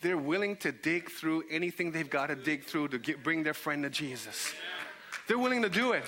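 A high, bright-voiced young man tells a story as he preaches in a church. He talks playfully and slips into the voices of the people in the story. His tone is forceful and clear. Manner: animated, playful, acts out the characters' voices. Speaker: guest preacher. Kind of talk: storytelling sermon.

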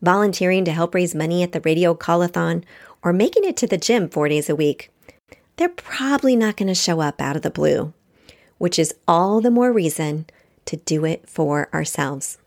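A woman's voice: on the low side, lively intonation, normal speed, a little mellow. A woman hosting her own podcast, speaking straight to listeners in an upbeat, encouraging way and reading aloud from her book. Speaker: podcast host.

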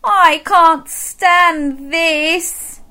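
A woman voicing a tired, grumpy father bear in a children's storybook, groaning out slow, drawn-out complaints. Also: very high voice, sharp tone, voice pushed up, heavily acted. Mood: exasperated.

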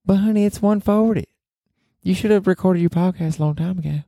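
A man's voice: high-pitched, fairly quick, vocal fry, mellow, no echo, clean studio sound, pitched above the performer's own voice. A man voicing a teasing Southern girlfriend with a put-on US Southern accent who sweetly calls him honey. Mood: chiding. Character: sassy Southern girlfriend, young woman, teasing and doting.

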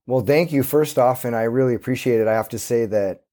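Here the Santa Cruz skateboarder talks briskly, his medium-pitched voice dark in tone. Appearing as a guest in a casual interview, he spins easygoing, rambling stories loaded with fillers.

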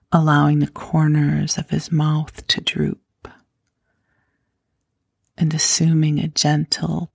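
A woman reading a classic children's story aloud in a soft, unhurried whisper. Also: low-pitched, vocal fry, breathy edge, no room sound, clean studio sound.

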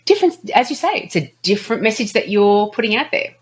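An Australian woman co-hosting a casual advice chat, playful and quick to laugh. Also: medium pitch, big pitch swings, slightly rough. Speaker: podcast co-host.

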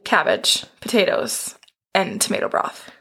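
A woman's voice: mid-range voice, fairly even intonation, measured pace, creaky, sharp tone, husky. A woman co-hosting a podcast in casual chat, bubbly and laughing often. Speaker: podcast co-host.

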